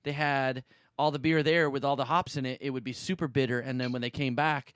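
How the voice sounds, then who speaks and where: A man's voice: medium pitch, steady tone, fairly quick, a bit bright, clear, resonant tone, no room sound. A man hosting a comedy podcast roast, rambling through stories and laughing at his own jokes. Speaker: podcast host. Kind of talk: casual comedic podcast banter.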